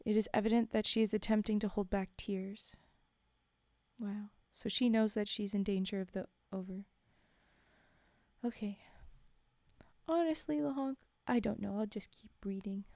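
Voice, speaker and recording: A woman's voice: mid-range voice, normal speed, pauses often, mellow, no room sound, clean studio sound. A woman streamer reading a horror story aloud in a casual way, breaking off to chat with viewers and sometimes dropping to a whisper.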